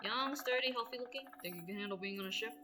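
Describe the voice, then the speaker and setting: A woman voicing a callous male slave trader, gruff and mocking. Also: on the high side, quick pace, background noise, natural voice.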